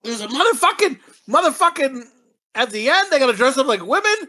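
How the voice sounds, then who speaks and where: A man's voice: very high voice, sing-song, brisk, pushed and bright, low-quality recording. A man co-hosting a podcast, ranting in a rambling, profane way in casual chat. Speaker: podcast co-host.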